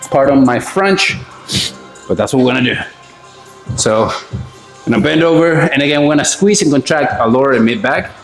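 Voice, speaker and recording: A man's voice: mid-range voice, expressive, moderate pace, long pauses. A middle-aged man coaching a back workout, out of breath between sets and swearing casually as he explains each move. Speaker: fitness coach. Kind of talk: workout instruction. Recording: echoey room with faint music.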